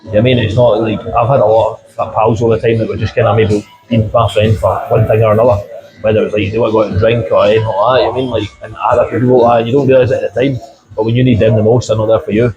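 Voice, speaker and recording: A man's voice: on the low side, flat delivery, racing, lo-fi sound. A man, talking earnestly and rambling in a casual chat. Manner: rambling, filler-heavy, earnest. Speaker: guest. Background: music.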